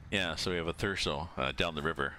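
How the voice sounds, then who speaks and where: An older Canadian man rambles casually while streaming a driving game from home, chatting and thinking aloud. His voice is very deep and sharp in tone, he talks at a quick pace, and a slight hiss or hum sits under the recording.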